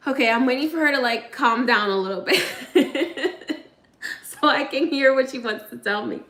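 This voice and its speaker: High, bright-voiced woman giving a psychic reading. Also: lively intonation. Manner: halting, full of fillers and restarts, relays spirits' words. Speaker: psychic medium. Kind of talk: live mediumship reading.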